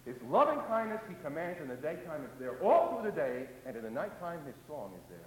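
A man preaching a sermon, swinging between loud emphasis and hushed asides, and acting out the voices of doubters and psalm prayers. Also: a little high, very animated, quick pace, reverberant, long reverb tail, poor audio.

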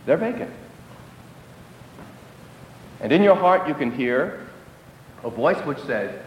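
Brief: male preacher, high and very animated, storytelling sermon, echoey hall. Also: normal speed, slight background noise. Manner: dramatic, drops to hushed lows for emphasis.

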